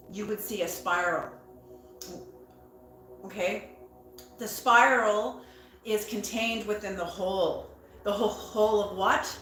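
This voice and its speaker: A woman giving a tarot reading in a slow, musing way, repeating her words and bursting into excitement now and then. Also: medium pitch, echoey room, a little hiss or hum, rough recording. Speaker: tarot reader.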